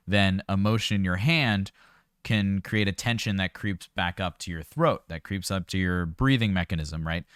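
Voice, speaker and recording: A man's voice: sits low, no echo, studio quality. A man working as a vocal coach, giving casual, explanatory reaction commentary and sometimes laughing at his own jokes.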